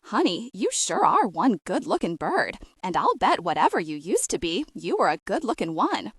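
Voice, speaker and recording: A woman's voice: mid-range voice, big pitch swings, moderate pace, slightly rough, dry recording, studio quality. A woman voicing a wry, folksy male beetle who was once a cynical human, in an audiobook story. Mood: flirtatious.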